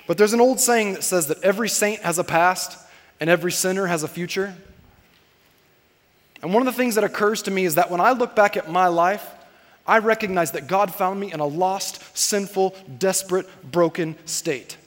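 A man's voice: high voice, normal speed, in a large hall. A male pastor preaching a sermon in a conversational, emphatic way, repeating his key points.

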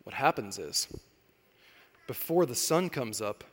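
A man quoting a hushed, earnest little girl. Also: medium pitch, lively intonation, measured pace, in a large hall, pitched below the performer's own voice. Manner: soft, serious, hushed questioning. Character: earnest little girl, six years old.

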